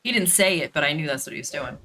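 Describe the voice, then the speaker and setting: A woman's voice: low voice, expressive, fast talker, sharp tone, a little hiss or hum. A woman telling a story in a blunt, profane, casual way while streaming a game, with lots of fillers and repeats.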